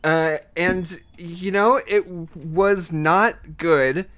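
A man's voice: a little high, very slow. A man hosting a casual film podcast, telling stories with joking exaggeration. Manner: animated, joking, tells stories with playful exaggeration. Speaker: podcast host. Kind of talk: casual chat.

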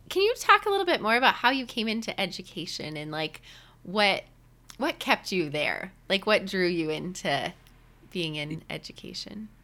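Woman host, lowish but bright and animated, enthusiastic interviewer. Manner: enthusiastic, asks questions. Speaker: podcast host. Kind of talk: casual interview chat.

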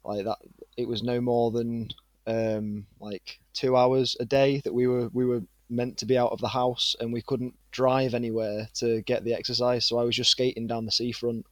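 A man in his twenties with a northern English accent, a guest chatting in a relaxed, rambling way with plenty of fillers. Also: medium pitch, moderate pace, dry recording. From England. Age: 20s. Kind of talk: casual interview chat.

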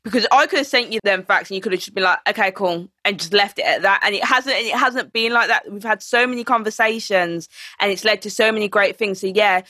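A woman, the interviewer, speaking in an animated, emotional way, using "like" often. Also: mid-range voice, quick pace, no room sound. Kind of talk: conversational interview.

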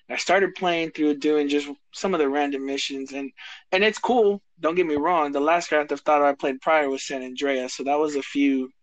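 A man joins a podcast as a guest, his voice a little higher than most men's. He talks casually and agreeably, backing up what the host says. His delivery stays easygoing throughout. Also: a bit bright, no room sound, low-quality recording. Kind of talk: casual chat. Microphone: remote recording.

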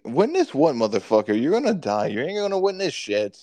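A man co-hosting a podcast, retelling movie scenes in an animated, profane way and putting on quick voices for the characters. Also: mid-range voice, no room sound. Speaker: podcast co-host. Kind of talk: casual movie review chat.

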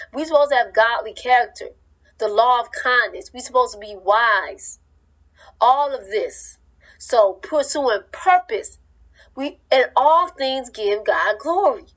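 A woman's voice: a little high, expressive, unhurried, low-quality recording. A woman preaching with a fervent, emphatic cadence and informal speech. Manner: informal speech with dropped verb endings. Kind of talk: sermon-style teaching.

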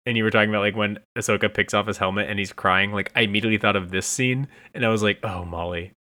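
A podcast co-host in casual fan chat, excitable, laughing often, voice jumping up when enthused. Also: low voice, rapid-fire.

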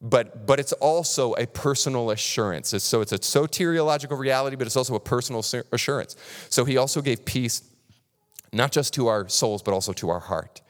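A man in his thirties preaches with lively, animated delivery, often restarting his sentences and acting out quotes in other voices. His medium-pitched voice carries a long reverb from a large hall. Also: fairly quick. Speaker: pastor. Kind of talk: sermon.

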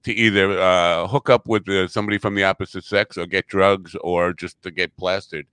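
A middle-aged podcast host with a low voice chats casually and playfully at a moderate pace, often wandering off on tangents. His intonation is lively and his rambling delivery sounds clean in a dry recording.

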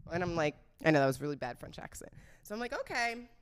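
Young female podcast host, low pitch, swooping delivery, frank and profane, laughs easily. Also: racing, clean tone. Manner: candid, profane, giggly, animated storyteller. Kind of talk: casual storytelling.

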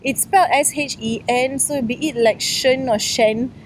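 A woman's voice: normal speed, low-quality recording. A woman co-hosting a podcast outdoors, chatting playfully and telling stories with a teasing edge. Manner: playful, teasing, animated storytelling. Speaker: podcast co-host. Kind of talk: casual chat. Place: outdoors on a lawn by a city street. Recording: faint traffic rumble outdoors.

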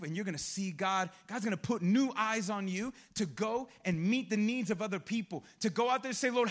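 A man's voice: very high voice, a bit bright. A male pastor preaching a sermon in a casual, conversational way, full of slang and personal stories, acting out his own reactions.

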